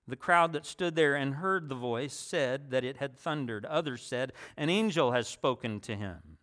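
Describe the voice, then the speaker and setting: A man delivering a sermon, reading Bible passages and unpacking them for his listeners. His voice sits a little high for a man. On quoted lines he lifts his pitch and volume for emphasis. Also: normal speed, few pauses, fairly bright tone. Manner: reads scripture aloud with rising emphasis on quoted lines. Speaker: preacher. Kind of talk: sermon reading and explaining scripture.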